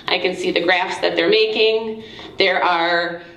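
A woman's voice: on the low side, fairly even intonation, measured pace, creaky, fairly bright tone. Chatty woman in an echoey room. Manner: chatty, informal. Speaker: presenter. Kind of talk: casual demo talk. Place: museum event room.

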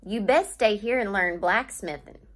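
A woman's voice: mid-range voice, unhurried, lightly acted. A woman reading aloud, voicing a good-humored frontier blacksmith uncle who teases his nephews. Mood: teasing. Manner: joshing, easygoing.

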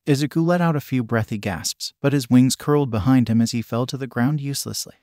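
A man's voice: medium pitch, brisk, hardly any pauses, darkish tone, no echo, studio quality. A man steadily reading a fan story aloud as narrator.

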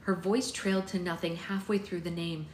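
Low-voiced woman reading a novel aloud. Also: little pitch movement, normal speed, a little mellow. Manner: chatty asides to listeners. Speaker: book club host. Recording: echoey room with faint noise.

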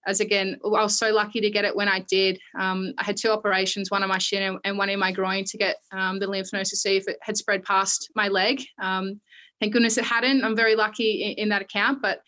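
A woman in her twenties with an Australian accent, talking as an interview guest in a halting way, with many fillers and restarts. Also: mid-range voice, level tone, pushed and bright, rough recording. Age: 20s. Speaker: guest athlete. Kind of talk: interview, personal recollection.

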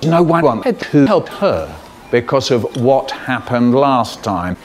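Lively British man telling a wry story. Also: medium pitch, slow, a little hiss or hum. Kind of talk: anecdotal storytelling.

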